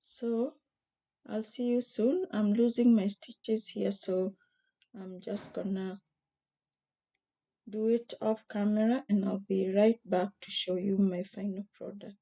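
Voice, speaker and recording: Hoarse, mellow-voiced woman chatting about crafts. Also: medium pitch, flat delivery, slow. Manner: gentle, chatty, with frequent fillers and restarts. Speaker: crochet vlogger. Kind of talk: casual craft tutorial.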